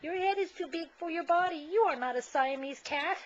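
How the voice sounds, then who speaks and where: A woman voicing a bouncy little boy cat in a storybook, with a put-on bad Spanish accent and a high, playful, sing-song voice. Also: fairly quick. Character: bouncy little boy cat who thinks he's a Chihuahua. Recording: dull lo-fi camcorder sound, faint hiss.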